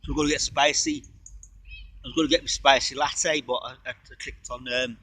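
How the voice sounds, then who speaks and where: A man's voice: mid-range voice, fairly even intonation, a little fast, sharp tone, poor audio. A man hosting a casual livestream, rambling through playful wordplay and chatty asides, sometimes talking while eating. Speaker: livestream host.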